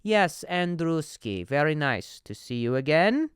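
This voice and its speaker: A prim, overly courteous male receptionist , put on by a man, pitched high and stretching each stiff, formal phrase. The voice is raised and lively, in a dry room. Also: clean tone, no echo. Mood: pompous. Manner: slow, pompous, drawn-out formality.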